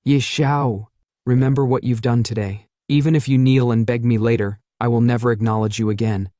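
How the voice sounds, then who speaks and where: A man's voice: medium pitch, steady tone, a little fast, no room sound, clean studio sound, close to an everyday voice. A man voicing an arrogant, venomous young woman who speaks with scorn. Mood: scornful, furious. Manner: scornful, shouting.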